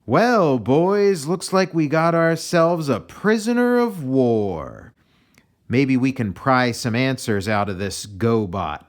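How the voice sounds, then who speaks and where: A man's voice: mid-range voice, big pitch swings, slow pace, pitched above the performer's own voice. A man voicing a folksy soldier who gloats over a prisoner, with a drawling, boastful manner. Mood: gloating.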